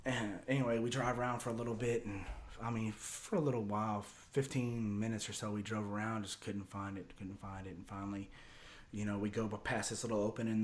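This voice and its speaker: A man's voice: fairly low pitch, a little hiss or hum. A man telling a long personal story as a podcast guest, rambling, repeating words and acting out other people's lines. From Houston area, Texas. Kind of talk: casual storytelling.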